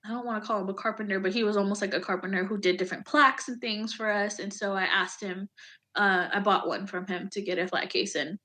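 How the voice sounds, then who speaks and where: A woman in her thirties, an Army veteran, telling a personal story in an emotional, animated way, with casual swearing and acted-out quotes. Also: medium pitch, fast talker. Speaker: podcast guest, Army veteran.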